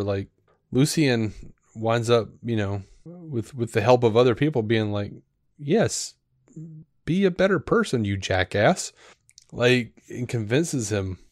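A man co-hosting a podcast, talking through a show review in a rambling, animated way with lots of fillers and restarts. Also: medium pitch, no room sound, studio quality. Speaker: podcast co-host. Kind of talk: casual review chat.

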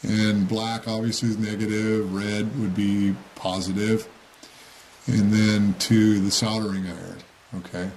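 A man's voice: lowish voice, level tone, a little slow, a little mellow, a little hiss or hum. A man giving a casual how-to tutorial on a hobby build, plain-spoken and checking in with "okay?" after each step. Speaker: model railroad hobbyist demonstrating.

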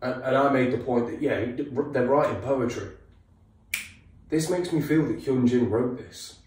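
A man hosting a casual music reaction video, animated and enthusiastic. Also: mid-range voice, unhurried, very echoey, distant mic, slight background noise. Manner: animated, laughing, enthusiastic, swears.

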